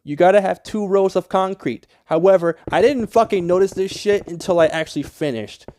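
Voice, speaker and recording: Young guy narrating a game build, swears a lot, gets annoyed easy, kinda high voice. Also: a little fast, darkish tone. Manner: profane, easily annoyed, rambling. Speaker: Minecraft tutorial creator. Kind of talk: casual gameplay tutorial voice-over.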